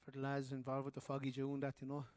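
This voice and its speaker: A man's voice: medium pitch, monotone, fast talker, a little mellow, no room sound. An Irish man, a folk singer and guitarist, chatting loosely between songs on a live stream, often trailing off and restarting.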